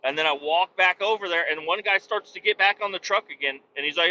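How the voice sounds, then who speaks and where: A vac truck operator who hosts a casual podcast tells a story in a rambling, profane, exasperated way. His voice is high-pitched and sharp, and he talks fast with hardly any pauses. The recording has a dull lo-fi sound with faint noise.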